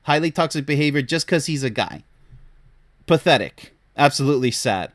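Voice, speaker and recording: A man with a slightly high voice gives exasperated commentary as a relationship coach. He scolds and sounds incredulous, and he breaks into short laughs of disbelief between remarks. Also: animated, moderate pace. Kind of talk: reaction commentary.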